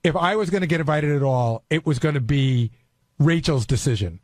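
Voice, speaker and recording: Quick earnest guy talking in a studio, higher voice, dry sound. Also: lively intonation, a little mellow, no room sound. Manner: rapid, earnest, explaining himself. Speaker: show staffer. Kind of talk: casual studio talk.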